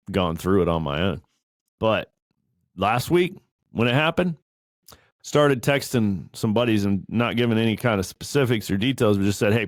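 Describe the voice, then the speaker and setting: A man's voice: low voice, no echo. A middle-aged man giving a candid personal testimony, telling his story in a conversational way with frequent fillers. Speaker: ministry leader.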